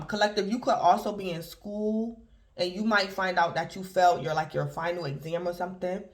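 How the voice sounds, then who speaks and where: A woman giving a casual tarot reading to her viewers, talking in a loose, repetitive, conversational way. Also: medium pitch. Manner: repetitive, conversational, keeps addressing the collective. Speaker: tarot reader.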